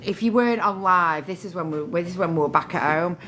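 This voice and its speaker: A woman chats on a phone livestream, repeating herself and swearing freely. Her voice sits fairly low for a woman. A faint hiss of room noise runs underneath. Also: quick pace, a bit bright. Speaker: livestream host. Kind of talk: casual chat on a live stream.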